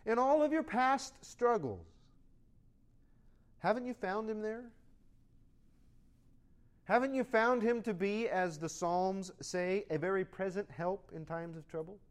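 High-voiced man preaching a sermon. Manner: swings from loud emphatic preaching to soft conversational asides; speaks in short repeated phrases. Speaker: pastor.

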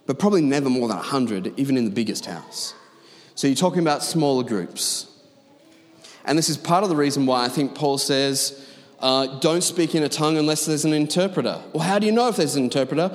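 Pastor, male, mid-range voice, emphatic conversational sermon, big reverberant auditorium. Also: mid-range voice. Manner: emphatic, conversational preaching with asides. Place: large church auditorium. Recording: long reverb of a large hall.

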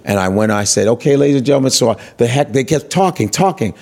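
Here a stand-up comic, guesting on an interview, rattles off a profane story fast, with lively intonation. His voice is medium-pitched with a darkish tone, and he acts out the other characters' voices.

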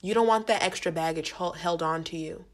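Her voice sits on the low side and moves a little fast as this woman hosts a faith-based podcast. Earnest and slangy, she circles back over her points, speaks straight to the audience, and becomes increasingly emotional.

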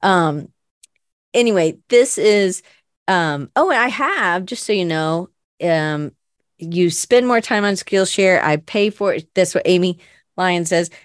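A woman's voice: lowish voice, slow pace, no room sound, clean studio sound. A middle-aged woman hosting her own show, rambling through casual chat with lots of fillers and self-deprecating asides. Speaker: show host.

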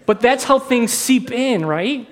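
A middle-aged male pastor with a notably high speaking voice delivers a sermon. He talks candidly and conversationally and pokes fun at himself as he moves from personal anecdote to scripture. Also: lively intonation, slow pace. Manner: candid, conversational, self-deprecating.

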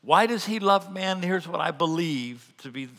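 A man preaching a sermon as pastor, earnest, swinging between loud emphatic lines and quiet asides. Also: high-pitched, lively intonation, moderate pace, creaky, long reverb tail.

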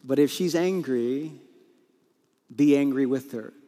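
A man voicing a calm, matter-of-fact male therapist in a low, quiet, measured way. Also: long reverb tail, close to an everyday voice.

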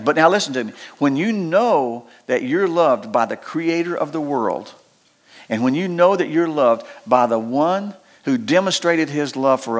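High-voiced folksy preacher man. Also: a bit bright. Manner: folksy, repetitive, builds to impassioned peaks. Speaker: pastor. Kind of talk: sermon.

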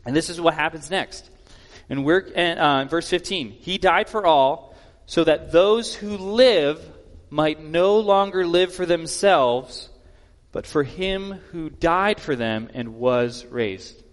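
A man's voice: a little high, slow pace. A male pastor giving a sermon in a plainspoken, conversational way with casual asides. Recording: long hall reverb.

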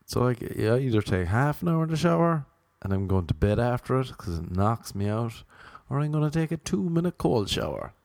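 A man's voice: medium pitch, big pitch swings, brisk, vocal fry, hardly any pauses, a little mellow, dry recording. Young irish man, comic monologue, loose and jokey, tangents, dry close sound. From Ireland. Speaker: comedian.

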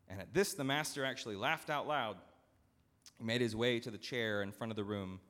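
A male pastor narrating a story in a sermon with dramatic, expressive delivery, in a church. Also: mid-range voice, fairly quick. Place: church sanctuary. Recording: long church hall reverb.

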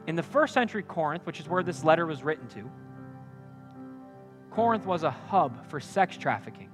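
A young man with a high voice preaches earnestly to a campus crowd. He swings between loud punchy lines and soft confiding asides. Faint music plays behind him. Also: animated, normal speed, long pauses. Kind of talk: sermon.

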